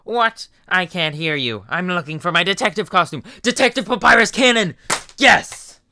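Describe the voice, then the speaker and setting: Young man doing a loud boastful skeleton. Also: medium pitch, lively intonation, moderate pace, a little hiss or hum. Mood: excited. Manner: shouty, theatrical, self-assured. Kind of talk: fan voice reading of a game character.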